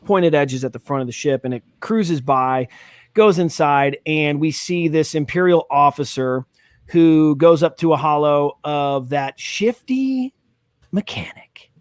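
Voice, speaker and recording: Man, host, casual reaction chat, higher voice, dry close sound, rambling, excited. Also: a little slow, smooth, dry recording. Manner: rambling, enthusiastic, many fillers and restarts.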